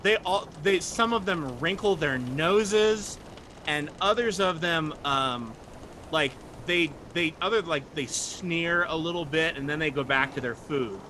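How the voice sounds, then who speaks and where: Unhurried and forceful, this game master's bright, fairly high voice describes the scene and what the characters do, joking and chatting as he goes. Now and then he slips briefly into sailor voices, with slight background noise behind him.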